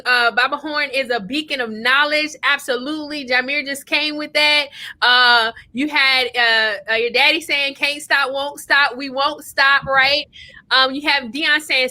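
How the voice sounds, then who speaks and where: Hosting a livestream, a middle-aged woman reads viewer comments aloud in an excitable, gushing way and laughs frequently. Her voice is high-pitched.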